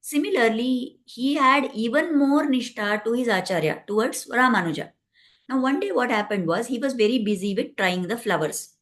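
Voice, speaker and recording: A woman telling a devotional story in an unhurried, explanatory way. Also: fairly high pitch, lively intonation, a bit bright.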